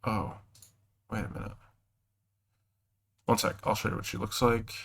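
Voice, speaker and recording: Man game master, bright tone, hesitant, lots of fillers and self-corrections. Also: lowish voice, moderate pace, gravelly, rough recording. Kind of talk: narrating a tabletop game.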